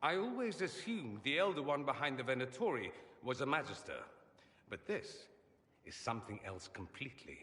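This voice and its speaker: A man's voice: medium pitch, very animated, normal speed, a bit bright. Sardonic, witty male mage. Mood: musing. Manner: wry, teasing, theatrical. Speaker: game character. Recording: game audio with long reverb.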